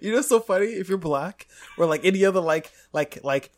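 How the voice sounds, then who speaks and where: A man's voice: high-pitched, expressive, brisk. A man from the United States hosting a casual conversation, telling long rambling stories full of "like" and "you know.". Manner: rambling storyteller, many fillers.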